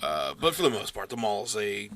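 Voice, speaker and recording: A man co-hosting a podcast in casual chat, teasing with dry humor and often trailing off into quieter asides. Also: big pitch swings, fairly quick, creaky, a little hiss or hum. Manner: dry teasing humor, drops to low mumbles. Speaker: podcast co-host.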